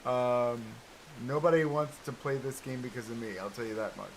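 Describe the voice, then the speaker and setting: A man's voice: medium pitch, moderate pace, a little hiss or hum. A man chatting casually on a live game stream, laughing often and explaining what he builds as he goes. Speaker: streamer building a theme park.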